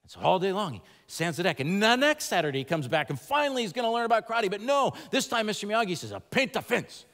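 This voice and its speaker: A man preaching a sermon to an audience in a large chapel, moving from animated storytelling to quiet, earnest appeals. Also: high voice, fast, few pauses. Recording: long reverb of a large hall.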